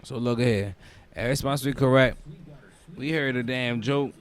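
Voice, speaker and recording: A young man hosting a comedic podcast, ranting in a loose, profane way and bursting into loud mocking quotes. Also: medium pitch, moderate pace, smooth. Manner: profane, animated storytelling with loud mock quotes. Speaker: podcast host. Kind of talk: casual comedic podcast rant.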